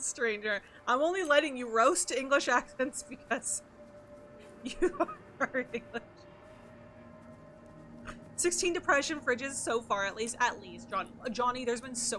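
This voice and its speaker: A woman's voice: on the high side, animated, a little slow, bright, forceful tone, faint music behind. A woman streamer chatting playfully with her viewers while playing a game and answering their messages. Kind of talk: casual chat while playing.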